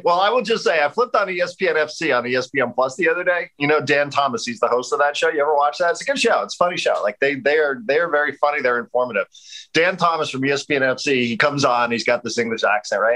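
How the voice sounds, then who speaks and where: An easygoing man co-hosting a sports talk show, chatting casually. His voice is bright and forward, and he rambles along with amused asides. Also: medium pitch, rough recording.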